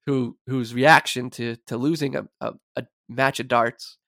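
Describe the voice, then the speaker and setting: A man's voice: mid-range voice, fairly even intonation, measured pace, fairly bright tone, no echo, studio quality. A man chatting as a guest on a casual sports podcast, rambling and stumbling over repeated words.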